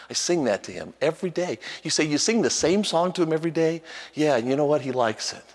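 A man's voice: on the high side, fast talker. Male pastor preaching in a reverberant church. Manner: animated preaching with frequent restarts, sings softly. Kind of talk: sermon. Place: church sanctuary with long reverb.

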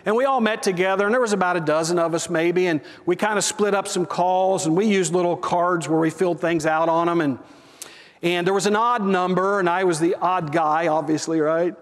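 A man preaching a story-driven sermon, talking conversationally and turning to the congregation with quick asides. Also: high voice. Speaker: pastor. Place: church sanctuary. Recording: long hall reverb.

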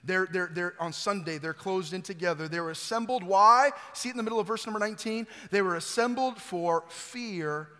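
High bright preaching man in a reverberant hall. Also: fairly quick, few pauses. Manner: preaching with swells of loud emphasis and quiet drops. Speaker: pastor. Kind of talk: sermon. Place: church sanctuary.

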